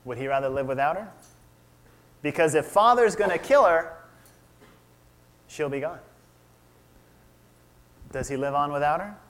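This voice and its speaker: A man in his thirties preaches, retelling a story sermon-style in a voice sitting a touch higher than most men's, a bit bright. Expressive and unhurried, with long pauses, he stops to ask listeners questions and acts out the quoted lines.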